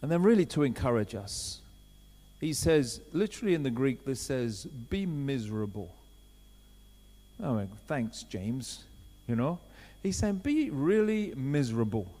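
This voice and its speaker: A man preaching a sermon in a conversational way, swinging from quiet asides to loud urgent appeals. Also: mid-range voice, big pitch swings, unhurried. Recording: long hall reverb.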